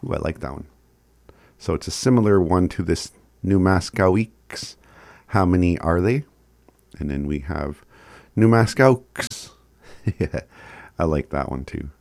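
A man teaching phrases in a casual recorded lesson, chuckling often and sounding words out slowly. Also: low voice, lively intonation, vocal fry, darkish tone, dry recording, studio quality. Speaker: language teacher.

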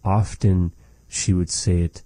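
A man teaching a language lesson, measured and repeating phrases to model how they are said. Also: sits low, level tone, warm tone, no echo.

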